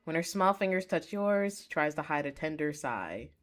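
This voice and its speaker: A woman streamer reading a story game aloud live, excitable, swearing and reacting loudly between passages. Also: deep voice, normal speed. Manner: excitable, swears, squeals at cute moments.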